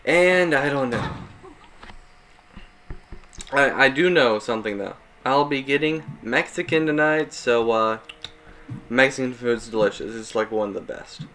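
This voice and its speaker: A man's voice: medium pitch, measured pace, pauses often, fairly bright tone, slight background noise. A man giving casual, rambling gameplay commentary, self-mocking and chuckling at his mistakes. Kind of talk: casual let's-play commentary.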